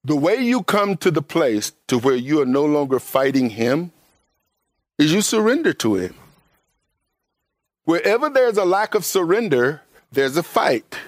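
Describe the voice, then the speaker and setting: A man preaching a sermon to his congregation, emphatic and conversational, with everyday vernacular, often jumping up high in pitch to stress a point. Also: sing-song, measured pace, no room sound, studio quality.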